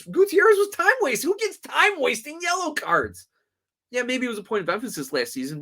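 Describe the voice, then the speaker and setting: A man's voice: fairly high pitch, fairly bright tone. A man hosting a sports podcast, ranting in an exasperated, sarcastic and emphatic way. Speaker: podcast host. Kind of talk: opinionated sports podcast rant.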